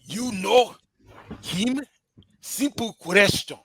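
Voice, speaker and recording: A man voicing an indignant husband confronting his cheating wife, reading text messages slowly in an exaggerated Kenyan accent. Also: high voice, bright, forceful tone, husky, voice pushed up, exaggerated voice. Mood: accusing. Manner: slow, mocking read of text messages.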